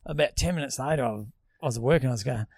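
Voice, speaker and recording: A man's voice: medium pitch, racing, a little mellow, slightly rough, dry recording, studio quality. A young Australian man with an Australian accent, rambling and swearing as a podcast co-host in casual chat. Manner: rambling storyteller, swears freely.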